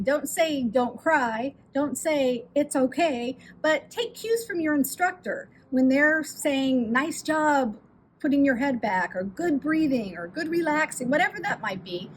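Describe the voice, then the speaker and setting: A woman's voice: fairly high pitch, a little hiss or hum, rough recording. A woman swim instructor giving parents earnest, encouraging advice in a direct, explanatory talk.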